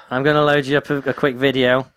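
A man's voice: mid-range voice, little pitch movement, moderate pace, a bit bright. A man co-hosting a casual chat, eagerly bringing up topics and teasing the others. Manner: enthusiastic, teasing, leads the topics. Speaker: podcast co-host.

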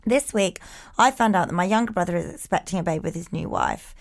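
A woman's voice: fairly low pitch, fast, slight background noise. A woman co-hosting a podcast, blunt and swearing freely in casual chat and while reading listener emails. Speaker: podcast co-host.

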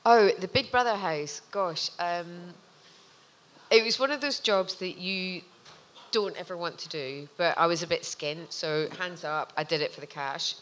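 Bright-voiced woman telling stories. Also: on the low side, measured pace. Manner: animated, acts out voices in anecdotes. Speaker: guest. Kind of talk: casual storytelling chat.

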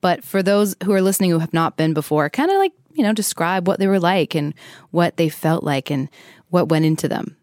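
A woman's voice: fairly low pitch, animated, a little fast, darkish tone, no room sound, studio quality. A woman hosting a podcast, reading scripted narration and then chatting with her guests in a friendly, conversational way. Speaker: podcast host.

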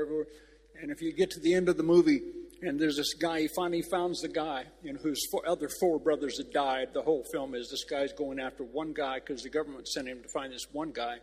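A man's voice: a little high, breathy edge, big-room sound. A man preaching an informal sermon in an old church, telling stories in a rambling, emotional way with many restarts.

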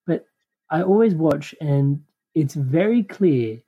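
A podcast host in a casual conversation, telling stories in an animated way with playful sound effects. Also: mid-range voice, slow, husky. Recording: dull lo-fi recording.

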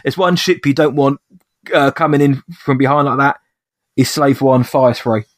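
A man's voice: mid-range voice, moderate pace, no echo, studio quality. A man co-hosting a podcast in casual chat, animatedly retelling scenes and rambling with restarts. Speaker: podcast co-host.

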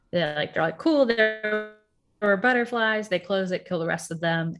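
A woman with a slightly low voice chatting casually about a reality show. She is frank and animated, and swears freely. She is from Puerto Rico.

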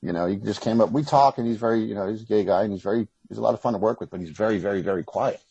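A man's voice: fairly low pitch, racing, vocal fry, mellow, breathy edge, no room sound, dull audio. A middle-aged man speaking as a guest in a casual interview, candid and blunt, rambling with restarts. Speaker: guest, author.

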